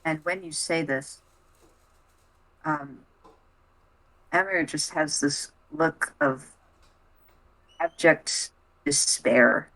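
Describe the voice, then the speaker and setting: A woman with a notably low voice narrates a tabletop game as game master. She speaks slowly and calmly, letting each beat of the scene land. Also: low-quality recording.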